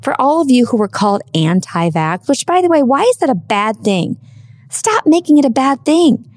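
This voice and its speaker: A woman delivers a heated monologue straight to her audience, emphatic and indignant, cursing now and then. Her voice is mellow and warm, and it sits in a dry space with no echo. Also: sits high, big pitch swings, normal speed. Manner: emphatic, indignant, swears freely. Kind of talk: casual opinion rant to camera.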